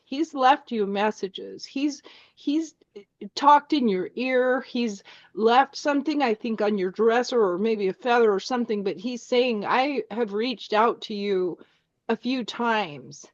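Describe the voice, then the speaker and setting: A woman working as a psychic medium, speaking gently and hesitantly with many restarts during a spiritual reading. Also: a little high, unhurried, no echo. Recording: dull lo-fi sound.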